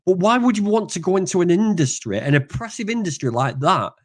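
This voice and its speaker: A man's voice: sits high, brisk. British guy ranting away in a chat, voice bouncing all over, rambling stories. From United Kingdom. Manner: animated, ranting, rambling storyteller. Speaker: co-host. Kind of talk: casual chat.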